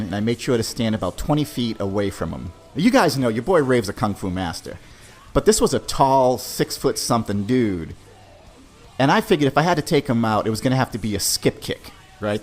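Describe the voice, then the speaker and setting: A man's voice: medium pitch, lively intonation, fairly quick, faint music behind. A man hosting a podcast, telling a personal story in a laid-back, casual way, often saying "man". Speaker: podcast host.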